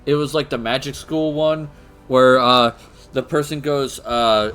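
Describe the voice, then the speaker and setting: Relaxed man chatting on a livestream. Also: medium pitch. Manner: relaxed, halting with many fillers, greets chat viewers. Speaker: livestream co-host. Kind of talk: casual chat.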